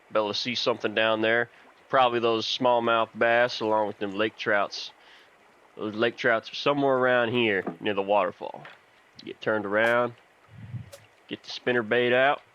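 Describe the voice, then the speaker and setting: A man's voice: on the low side, smooth, dull audio. A man from Texas, giving folksy, chatty commentary on a fishing game and telling fishing stories. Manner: folksy, chatty, excited when fish bite. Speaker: gaming channel host.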